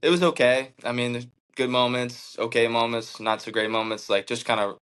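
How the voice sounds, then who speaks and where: A man's voice: mid-range voice, steady tone, moderate pace, fairly bright tone, smooth, low-quality recording. A man in his thirties, a professional athlete as interview guest, telling his story earnestly and reflectively, with many fillers like "like" and "man". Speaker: professional baseball pitcher, guest.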